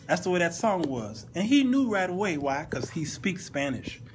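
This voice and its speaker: A man teaching a Sunday school lesson in a loose, conversational way, often restarting his words and joking with his listeners. His voice sits a little high for a man. Faint noise can be heard behind him. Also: very animated, normal speed. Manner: playful asides to online listeners. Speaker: Bible lesson host.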